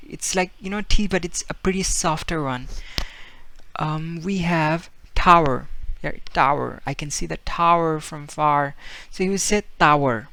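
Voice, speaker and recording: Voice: medium pitch, a little slow, fairly bright tone. A language teacher giving a casual video lesson, patiently repeating each word several times to demonstrate its sound, with a loose delivery full of fillers and restarts.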